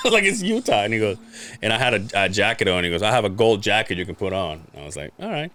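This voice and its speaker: A man's voice: fairly low pitch, big pitch swings, fast, a bit bright, a little hiss or hum. A man, a podcast co-host, telling a story in casual chat, acting out quotes, laughing and swearing freely.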